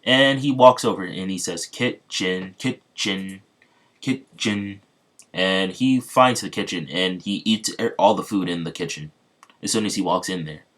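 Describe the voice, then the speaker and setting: This is a channel host improvising a fan-fiction story in a casual way, his low-pitched voice a bit bright and his pace normal. He keeps it loose and spontaneous, breaking off to chat with viewers along the way.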